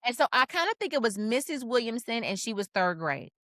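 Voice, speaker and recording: A woman co-hosting a podcast, telling personal stories in a casual, animated way with sudden pitch jumps for emphasis. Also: a little fast, no room sound, studio quality. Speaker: podcast co-host. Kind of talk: casual conversational storytelling.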